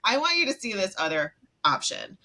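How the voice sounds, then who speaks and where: A middle-aged woman speaking as a guest expert in a casual podcast interview, animated and acting out her own self-talk. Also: medium pitch, brisk.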